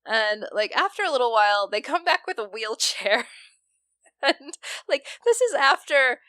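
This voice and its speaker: Chatty young woman co-host, highish voice, giggly storyteller. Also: sing-song, measured pace, sharp tone, dry recording, clean studio sound. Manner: laughs often while telling a story. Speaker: podcast co-host. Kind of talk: casual chat.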